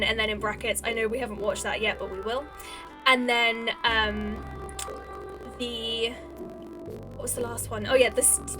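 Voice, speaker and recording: A woman's voice: fairly high pitch, bright, forceful tone. A young woman streaming a farming game, rambling casually to her chat with lots of fillers and restarts. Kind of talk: casual chat while gaming. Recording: game music behind the voice.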